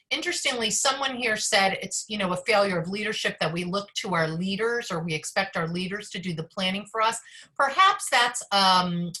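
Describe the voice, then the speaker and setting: A woman rabbi teaches a group over a video call, racing along in a chatty way full of asides and fillers. Her voice is clear and bright, and her pitch sits in the middle of the usual range for a woman. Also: moderate pace. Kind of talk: leading an online study session.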